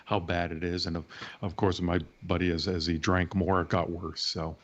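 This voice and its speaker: A man co-hosts a podcast with a very deep, low voice and tells stories in a relaxed, easygoing way. His sound comes through muffled and lo-fi, like a remote connection. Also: normal speed. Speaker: podcast co-host. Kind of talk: casual chat.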